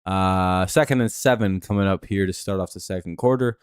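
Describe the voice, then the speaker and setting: A man's voice: low voice, fairly quick, clear, resonant tone, no room sound. A man hosting a live stream, giving laid-back, dry play-by-play and chatting with viewers. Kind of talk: casual game-watching commentary.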